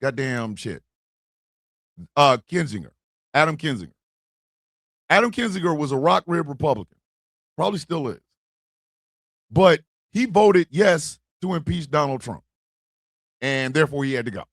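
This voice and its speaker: Loud, slangy male streamer. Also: fairly high pitch, lively intonation, normal speed, long pauses, no echo. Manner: slangy, stammering, loud outbursts. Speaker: streamer and political commentator. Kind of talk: casual reaction commentary.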